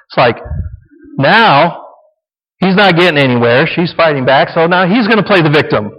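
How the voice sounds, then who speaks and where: A man's voice: fairly high pitch, expressive, normal speed. Folksy male preacher in a reverberant hall. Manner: conversational, folksy, frequent "okay?" check-ins. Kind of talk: teaching sermon. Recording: dull lo-fi sound with long hall reverb.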